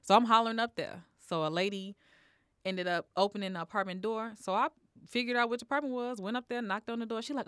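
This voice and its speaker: A woman comedian telling a personal story in conversation, lively and acting out the people she quotes. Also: a little high, fast, smooth, no echo, clean studio sound. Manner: animated, acts out quoted voices. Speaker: guest, comedian.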